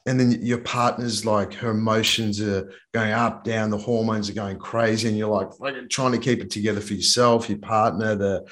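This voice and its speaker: Frank, animated male guest. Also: lowish voice, moderate pace, hardly any pauses. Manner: frank, animated retelling, casual swearing. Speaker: men's coach and podcast guest. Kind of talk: candid conversational storytelling.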